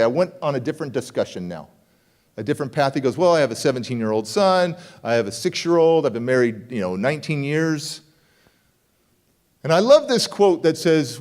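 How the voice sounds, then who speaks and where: A man's voice: on the high side, sing-song, moderate pace, pauses often, darkish tone. A man giving a motivational keynote, telling a story with punchy repeated phrases and acting out both sides of the dialogue. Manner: punchy, repeats key words for emphasis. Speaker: motivational speaker. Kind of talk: keynote speech. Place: conference hall stage.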